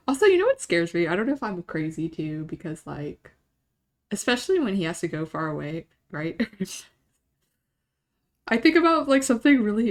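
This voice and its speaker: Woman streamer, casual live chat, slightly low voice, rambling and emotional, quick laughs between thoughts. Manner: rambling, emotional, self-interrupting, laughs often.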